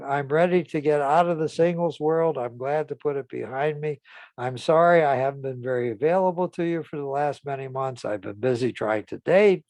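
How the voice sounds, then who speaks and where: A man telling a client's story and acting out each person's side of the dialogue with lively emphasis. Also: medium pitch, creaky, dry recording. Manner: animated retelling, voices the people in the story with rising emphasis.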